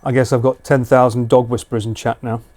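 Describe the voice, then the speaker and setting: A man streaming live from home late at night, chatting casually and slipping into high sing-song baby talk for a dog. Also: flat delivery, quick pace, a little mellow.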